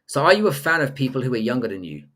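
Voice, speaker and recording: This livestream host reads chat aloud and answers with crude, profane, joking banter in a casual stream. He speaks very fast in a mid-range voice that is very animated, bright and forceful.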